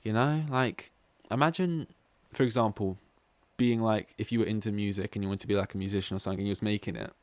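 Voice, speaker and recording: A man's voice: fairly low pitch, steady tone, quick pace, hardly any pauses, dry recording. Rambling man hosting a solo podcast. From East London, England. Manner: rambling, goes off on tangents, heavy use of "like". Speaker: podcast host. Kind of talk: solo casual podcast monologue.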